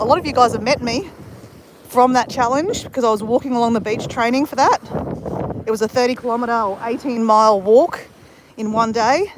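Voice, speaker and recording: A woman chats casually on a live stream, rambling from one thought to the next and answering her viewers as she goes. Her voice sits a little high. She is outdoors on a beach, and wind buffets the phone mic throughout. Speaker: vlogger.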